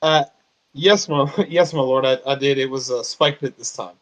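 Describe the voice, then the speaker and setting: A man's voice: medium pitch, moderate pace, fairly bright tone. Casual man playing at the table. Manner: casual, chatty, laughs easily. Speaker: player. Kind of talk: tabletop role-play. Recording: muffled audio with background music.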